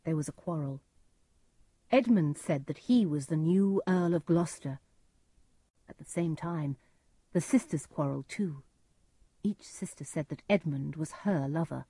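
A woman reading a simplified classic story aloud in a plain, measured way. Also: low-pitched, warm tone, slightly rough, no echo. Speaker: narrator.

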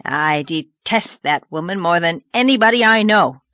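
A woman's voice: lowish voice, animated, measured pace, a bit bright, dry recording. A woman voicing a blunt, outspoken older farmer in an audiobook, growling and grumbling. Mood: irritable. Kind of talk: audiobook character voice.

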